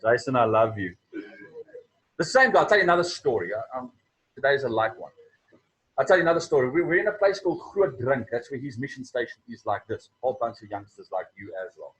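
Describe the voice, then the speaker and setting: Husky South African man preaching. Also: medium pitch, quick pace, poor audio. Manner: animated, conversational storytelling. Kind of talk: storytelling sermon to young people.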